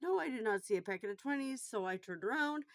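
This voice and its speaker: A middle-aged bar worker with a fairly high, animated voice talks quickly through a personal story in a casual vlog recorded without echo. She's outspoken, curses freely, and becomes loud and agitated while telling it.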